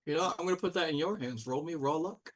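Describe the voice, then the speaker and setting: A man's voice: a little high, fast, fairly bright tone. A man as game master narrating a tabletop game in a loose, chatty way, full of fillers and playful exclamations.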